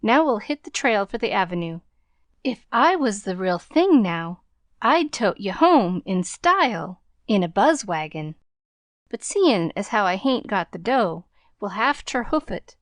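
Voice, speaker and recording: A woman's voice: medium pitch, very animated, a little slow, no echo, studio quality. A woman voicing a young street-smart newsboy who talks in clipped slang. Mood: brash.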